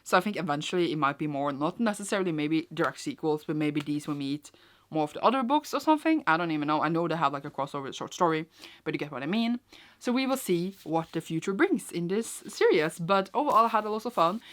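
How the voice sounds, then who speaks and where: Chatty low-voiced young woman vlogger. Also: animated, quick pace. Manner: chatty, rambling, many fillers and restarts. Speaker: book vlogger. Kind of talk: casual book wrap-up vlog. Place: cold room at home.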